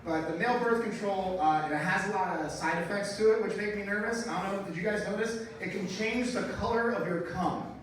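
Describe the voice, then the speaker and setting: Brash high-voiced comedian in a club. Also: male voice, a little fast, few pauses. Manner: brash, profane, mock-outraged delivery. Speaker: stand-up comedian. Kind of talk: stand-up comedy set. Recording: roomy live club sound, mic heard from a distance, crowd. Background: audience laughter.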